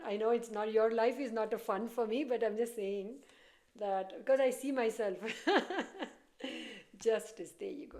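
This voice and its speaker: A woman's voice: medium pitch, mellow. A woman giving a casual tarot reading, chatty and repetitive, often breaking into laughter. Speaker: tarot reader.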